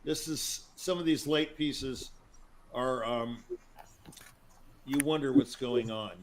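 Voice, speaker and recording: A man gives piano feedback over a video call. He wanders through his thoughts with many pauses and restarts but stays encouraging. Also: mid-range voice, background noise. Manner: rambling, hesitant, encouraging. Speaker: piano judge. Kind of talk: spoken feedback on a performance.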